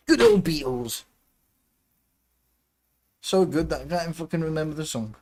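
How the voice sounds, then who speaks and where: A man's voice: fairly high pitch, expressive, moderate pace, long pauses, darkish tone, slight background noise. A man hosting a livestream, chatting casually and rambling between musings and muttered asides. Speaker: livestream host.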